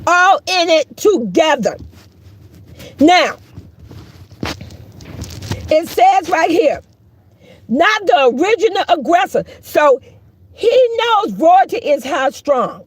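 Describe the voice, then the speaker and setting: A woman's voice: very high voice, big pitch swings, slow, pauses often. A middle-aged woman giving heated, profane, preachy live-stream commentary, mocking the people she talks about.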